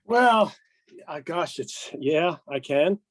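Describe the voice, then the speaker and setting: Older American man, raised voice, dry close recording; lively guest spinning anecdotes, acts out both sides. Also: fairly high pitch, takes it slowly, dry recording, low-quality recording. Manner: animated storyteller, acts out dialogue, chuckles. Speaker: podcast guest, golf rules official. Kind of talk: casual anecdote telling.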